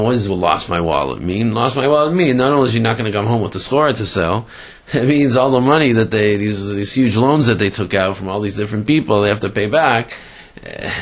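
A man telling a story in a Torah class, halting with many fillers and animated retelling. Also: lowish voice. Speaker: Torah teacher.

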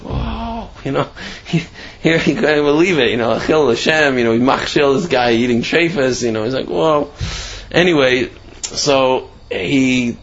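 A man telling a Torah story in a casual lecture. He acts out the quotes sudden leaps in pitch and rushed asides. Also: slight background noise. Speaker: Torah class speaker. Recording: slightly dull lo-fi recording.

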